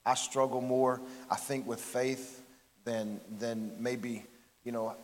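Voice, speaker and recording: A man's voice: mid-range voice, normal speed. A middle-aged man giving a candid, conversational sermon as pastor, often restarting his phrases. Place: church sanctuary. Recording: long reverb of a large church hall.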